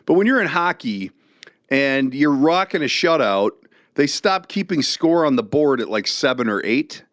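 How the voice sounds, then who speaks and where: Animated storytelling man, dry close sound. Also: mid-range voice, normal speed, dry recording. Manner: animated storyteller, laughs often. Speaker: podcast co-host. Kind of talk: casual chat.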